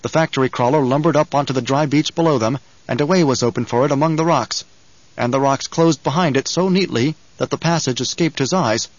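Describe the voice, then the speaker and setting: A man reads a novel aloud at an even, unhurried pace with a mid-pitched voice. The studio sound is dry, close and slightly dull. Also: no room sound. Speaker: audiobook narrator. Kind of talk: scripted narration.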